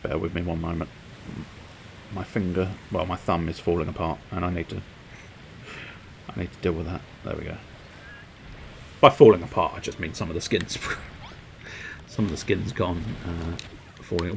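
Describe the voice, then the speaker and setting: A man's voice: low voice, fairly even intonation, normal speed, vocal fry, long pauses, a little hiss or hum. A man giving casual, rambling gameplay commentary on a stream, self-mocking and sweary.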